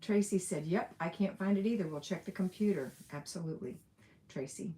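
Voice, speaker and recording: This woman is a livestream host with an Alabama accent, speaking fairly quickly in a lowish, dark-toned voice. She hosts a casual live question session from a room at home with the window open, chatting and reading viewer comments aloud with the occasional laugh.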